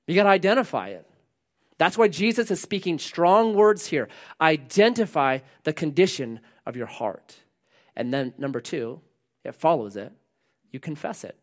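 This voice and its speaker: A man preaching a sermon, animated, swinging between loud emphasis and hushed lines and asking the congregation questions. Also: on the high side, normal speed. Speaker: pastor.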